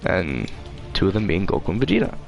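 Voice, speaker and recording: A man's voice: sits low, huge pitch swings, fairly quick, vocal fry, faint music behind. A man hosting his own channel, rambling casually and swearing freely as he loses his train of thought. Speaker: channel host.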